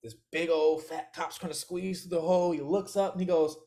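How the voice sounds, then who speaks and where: Telling a casual story as a guest in an interview, a man speaks in a slightly raised voice that runs on the high side. He's animated and relaxed, laughing frequently and briefly voicing the other people he quotes.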